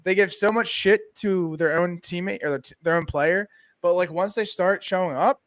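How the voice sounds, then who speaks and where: A man's voice: sits high, moderate pace. A man co-hosting a casual sports podcast, talking animatedly and reading sponsor spots. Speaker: podcast co-host.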